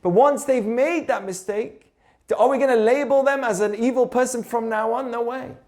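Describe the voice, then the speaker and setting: Male teacher, higher-pitched voice, casual storytelling lesson that keeps asking the listener questions. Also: normal speed, darkish tone. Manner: conversational, asks rhetorical questions, tells stories. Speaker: teacher of Jewish ethics. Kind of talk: informal teaching talk.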